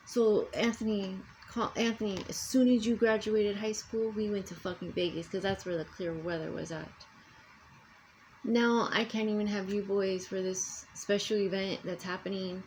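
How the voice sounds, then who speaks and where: A woman's voice: medium pitch, fairly even intonation, unhurried, darkish tone, rough recording. Older woman, furious profane vlog rant, faint background noise. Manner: angry profane ranting.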